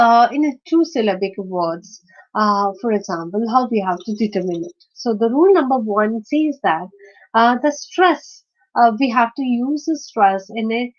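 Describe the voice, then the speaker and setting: A woman teaching a lecture, explaining each point step by step and repeating the rules, with frequent fillers. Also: fairly high pitch. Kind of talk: lecture on word stress. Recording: dull lo-fi recording.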